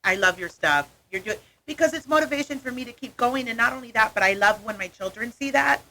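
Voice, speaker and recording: A woman in her thirties with a bright, sharp voice, talking as a comedian guest on a radio show. She tells her stories with animation and drops into little voices for the people in them. Recorded in a radio studio. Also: fairly high pitch, quick pace. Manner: animated storyteller, acts out voices. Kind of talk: casual interview chat.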